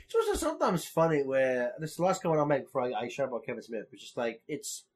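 A man's voice: mid-range voice, very animated, fast. A young man co-hosting a podcast in casual chat, rambling with lots of fillers and swearing. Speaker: podcast co-host.

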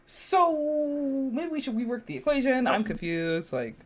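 A woman hosting a podcast in casual chat, sassy and animated, her voice jumping up when she exclaims. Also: sits high, unhurried. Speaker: podcast host.

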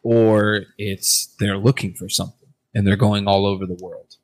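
A man's voice: on the low side, steady tone, moderate pace, no room sound. A man co-hosting a podcast in casual chat, rambling loosely and swearing casually. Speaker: podcast co-host.

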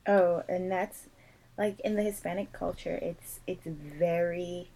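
Young woman, from puerto rico, low gravelly voice, animated and emphatic, casual chat. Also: slow, low-quality recording. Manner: animated, emphatic, acts out quoted people.

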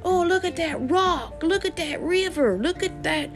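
A woman putting on the voice of a loud, excited, defiant three-year-old boy. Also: measured pace, faint music behind. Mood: awed. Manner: high-pitched hollering child voice.

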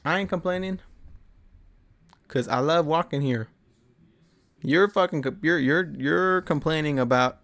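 A man's voice: on the high side, unhurried, long pauses, fairly bright tone. A young man hosting a podcast, delivering a blunt, rambling motivational monologue full of swearing. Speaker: podcast host.

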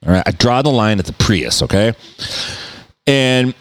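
A middle-aged man, a podcast host, telling a story in a loose, animated way, full of swearing and mouth sound effects. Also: medium pitch, a little slow. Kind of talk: casual storytelling.

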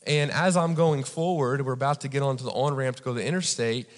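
A pastor from Indiana gives a sermon, telling a story in a chatty way and often asking the crowd "right?". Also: male voice, medium pitch, fairly even intonation, quick pace. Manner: conversational, repeats "right?" for the audience. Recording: long hall reverb.

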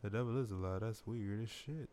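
A man's voice: on the low side, fairly quick, dark tone, slight background noise. A man co-hosting a podcast, reacting to stories with wry, incredulous comebacks. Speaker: podcast co-host. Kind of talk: casual chat.

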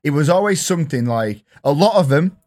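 A man's voice: fairly high pitch, animated, fairly quick, darkish tone. A man chatting casually as a podcast co-host, hesitant and self-deprecating, often restarting his sentences. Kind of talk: casual chat.

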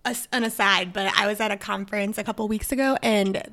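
A woman's voice: mid-range voice, fairly even intonation, brisk, fairly bright tone. A young woman with a Minnesotan accent, co-hosting a podcast with playful casual chat. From Minnesota, USA. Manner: playful, interjecting.

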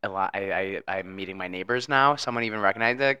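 A man's voice: on the low side, fast, few pauses, smooth, dry recording, lo-fi sound. A man co-hosting a podcast, talking in playful casual chat full of jokes. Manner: playful, joking, very lively intonation. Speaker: podcast co-host.

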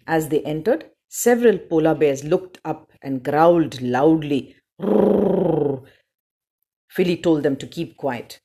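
A woman narrating a children's storybook aloud, expressive, with small slips now and then. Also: sits low, a little slow, hardly any pauses, slightly rough.

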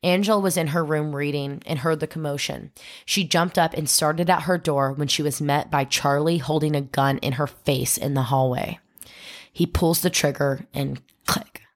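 Low-voiced woman telling true crime. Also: fairly even intonation, normal speed. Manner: dramatic storyteller, acts out quoted voices. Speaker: podcast host.

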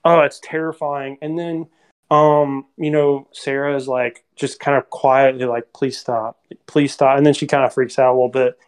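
A podcast co-host in a casual film discussion who talks in an animated way and acts out lines from scenes. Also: mid-range voice, normal speed, smooth.

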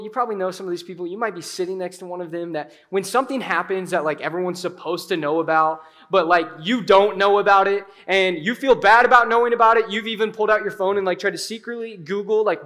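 A pastor preaching a sermon in an animated, conversational way, dropping into dramatic pauses. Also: male voice, high-pitched.

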